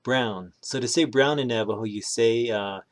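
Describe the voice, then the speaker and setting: A man giving a casual language lesson, repeating each word slowly. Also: mid-range voice. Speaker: language teacher.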